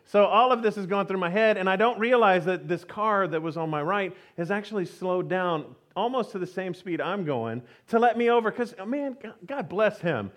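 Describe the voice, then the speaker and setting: Brief: male pastor, high-pitched, animated self-mocking storyteller, sermon delivery. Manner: animated storytelling, acts out his own voice in quotes; self-mocking, laughs often.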